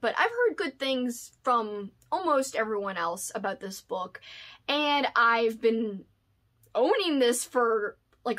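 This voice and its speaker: Chatty woman with a high voice. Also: fairly bright tone. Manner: chatty, rambling, says "flippin'" often. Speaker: host. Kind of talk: casual book vlog chat.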